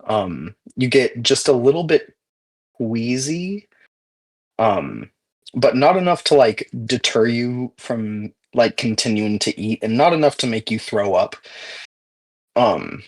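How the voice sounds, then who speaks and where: Male game master, slow hesitant delivery, full of ums. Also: medium pitch, lively intonation. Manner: slow, halting, many fillers. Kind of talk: narrating a tabletop game.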